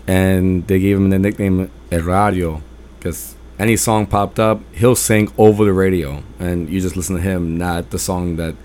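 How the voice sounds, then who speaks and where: Loud, emphatic man with a low voice. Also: fairly even intonation, normal speed. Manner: rambling with restarts and fillers. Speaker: podcast host. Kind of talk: casual personal storytelling monologue.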